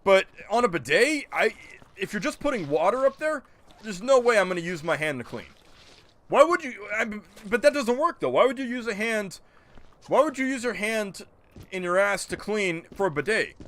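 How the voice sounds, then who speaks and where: A man's voice: high-pitched, big pitch swings, moderate pace, fairly bright tone. A man streaming a game, chatting casually and ranting in disbelief as he answers his chat. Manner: incredulous, joking rants, answers chat. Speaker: gaming streamer.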